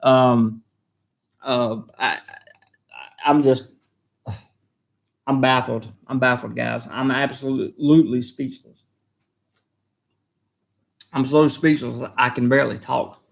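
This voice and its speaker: A man hosting a live stream, reading viewer comments aloud, emotional and halting, repeating himself and choked up. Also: medium pitch, flat delivery, vocal fry.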